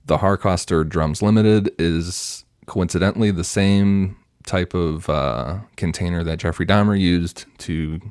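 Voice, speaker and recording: A man presenting researched notes on a casual podcast, reading them in an even, matter-of-fact way. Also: low-pitched, a little slow, hardly any pauses, clean tone, no room sound, clean studio sound.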